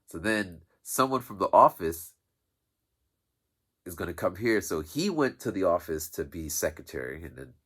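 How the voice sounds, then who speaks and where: A male teacher tells a school story in an animated, rambling way, often restarting his sentences. His voice is deep and husky, and his pitch swings widely. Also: moderate pace. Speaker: teacher and vlogger. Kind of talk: casual storytelling.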